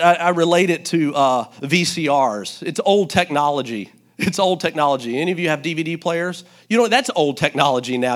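A pastor preaching a sermon at church into a handheld mic, animated and playful, acting out the quotes he tells. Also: on the high side.

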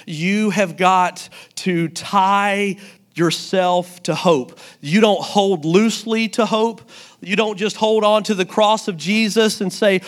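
A pastor preaching a sermon at church into a handheld mic, animated and playful, acting out the quotes he tells. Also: high voice.

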